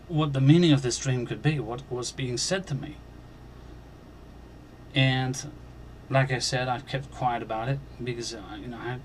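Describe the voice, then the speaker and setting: A man hosting a Christian channel, earnestly recounting a dream as personal testimony, halting and restarting, and growing emphatic on key points. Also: medium pitch, a little hiss or hum. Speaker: Christian video channel host.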